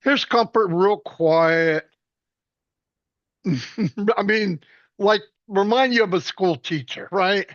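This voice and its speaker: A man with a high voice tells loose, joking stories about his friends, stumbling and restarting as he goes. The sound is dry and a little dull, like a low-grade recording. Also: no room sound. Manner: rambling, joking, quick restarts. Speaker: speaker at a celebration. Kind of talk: casual storytelling tribute.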